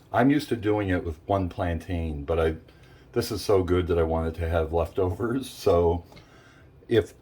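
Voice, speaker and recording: This Puerto Rican cooking show host speaks in a deep, darkish voice, talking straight to his "folks" in a chatty way while he cooks at home. You can clearly hear dishes and utensils clattering around him.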